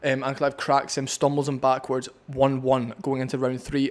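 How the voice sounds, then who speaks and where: A man with a Scottish accent talks through a fight in a casual vlog breakdown. He is blunt and opinionated, swearing freely as he argues his case. His voice sits at an ordinary mid pitch. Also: completely flat delivery, normal speed. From Scotland. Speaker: MMA commentator.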